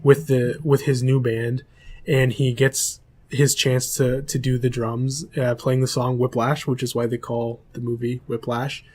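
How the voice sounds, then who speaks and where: A man's voice: medium pitch, flat delivery, measured pace, a little mellow. A young man co-hosting a casual podcast chat, rambling through a film plot and losing his place as he goes. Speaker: podcast co-host.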